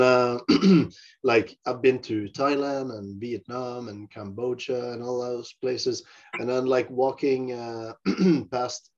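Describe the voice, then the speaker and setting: A man co-hosting a podcast in casual chat, provocative and often clearing his throat. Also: mid-range voice, darkish tone. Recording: dull lo-fi recording.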